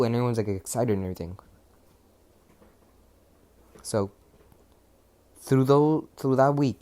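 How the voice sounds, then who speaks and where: A man's voice: fairly low pitch, normal speed, long pauses, warm tone. Rambling, foul-mouthed young man. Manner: profane, rambling, self-interrupting. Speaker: fan storyteller. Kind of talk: casual rambling retelling.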